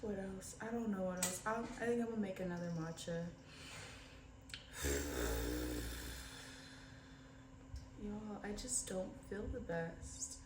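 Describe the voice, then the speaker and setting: A young woman vlogging at home, talking in a candid, rambling and low-spirited way. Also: fairly even intonation, normal speed, few pauses. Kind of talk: casual diary vlog. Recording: roomy echo, distant from mic, faint ambient noise.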